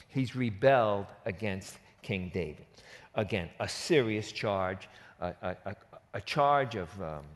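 Man, New York accent, Bible teaching, animated storyteller, reverberant hall sound. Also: mid-range voice. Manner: lively, acts out quotes in casual slang.

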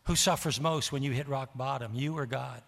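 A man preaching a sermon in a church, animated and voicing the characters' words, repeating phrases for emphasis. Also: mid-range voice, moderate pace, vocal fry. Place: church sanctuary. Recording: long reverb of a large hall.

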